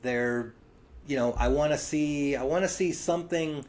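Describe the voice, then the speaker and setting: A man's voice: on the high side, moderate pace, darkish tone. Chatty male podcast co-host. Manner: chatty, lots of "yeah" and "you know" fillers. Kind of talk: casual chat.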